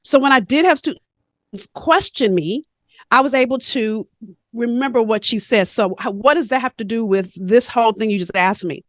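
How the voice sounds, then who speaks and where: Higher-voiced woman, animated coach. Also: normal speed, dry recording, clean studio sound. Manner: animated, emphatic storytelling. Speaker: guest, coach and speaker. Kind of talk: podcast interview.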